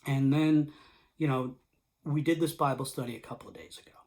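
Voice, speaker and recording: A pastor giving a reflective sermon, speaking gently and slipping into a near whisper at times, with frequent restarts. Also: mid-range voice, steady tone, a little fast. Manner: soft-spoken with frequent restarts and "you know".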